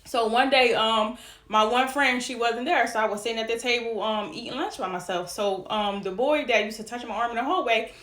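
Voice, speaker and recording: A woman tells a personal story in a loose, chatty way, full of "like" and "you know," and slips into the voices of the people in it. Her voice sits a little high. The recording has a roomy echo around it. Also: a little fast. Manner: animated, acts out dialogue in the story. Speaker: storytime vlogger. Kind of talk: casual storytelling.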